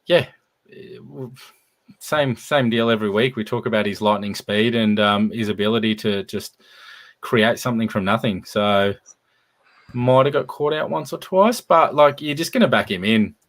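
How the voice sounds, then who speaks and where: A man's voice: on the low side, normal speed. An Australian man co-hosting a casual football podcast, easygoing and hesitant, with many fillers. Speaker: podcast co-host. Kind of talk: casual footy chat.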